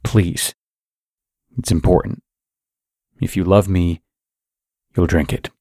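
A man voicing a scheming young wife who calmly insists, in a flat, low-key delivery close to his own voice. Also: slow, no echo, exaggerated voice. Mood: insistent.

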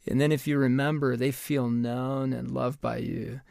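Gravelly-voiced man giving calm advice. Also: mid-range voice, normal speed, no echo, clean studio sound. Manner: calm, instructive, methodical. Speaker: parenting expert.

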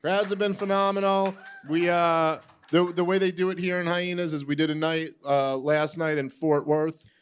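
A man's voice: a little high, steady tone, normal speed, hardly any pauses. Joking man hosting a live podcast. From Northeastern US. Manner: joking, sarcastic, loose and rambling. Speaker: podcast host. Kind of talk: live podcast banter with audience. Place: live venue with audience.

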